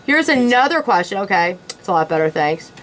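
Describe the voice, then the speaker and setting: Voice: mid-range voice, a little fast, low-quality recording. A host teasing guests playfully in a casual chat show interview. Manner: teasing, lively. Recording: loud crowd behind.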